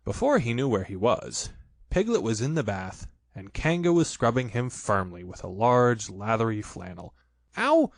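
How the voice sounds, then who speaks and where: A man narrating a children's storybook in an expressive, lively way. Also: fairly low pitch, moderate pace, no echo.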